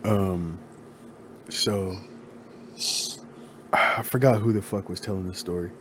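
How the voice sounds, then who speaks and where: A young man co-hosting a casual podcast, telling a story in a rambling, excitable way. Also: sits low, slow, a little hiss or hum. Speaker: podcast co-host. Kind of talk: casual chat.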